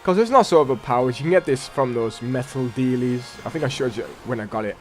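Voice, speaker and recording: A man with a mid-range voice hosts a let's play, rambling casually through his gameplay commentary at a quick pace and often correcting himself. Faint game music plays in the background.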